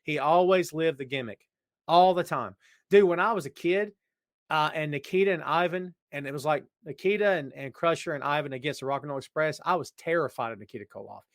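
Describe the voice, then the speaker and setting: A man hosting a podcast and answering listener questions in casual, rambling chat that jumps to loud excitement. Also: on the high side, a little fast, dry recording, studio quality. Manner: animated, jumps to shouting when excited; rambling, frequent restarts.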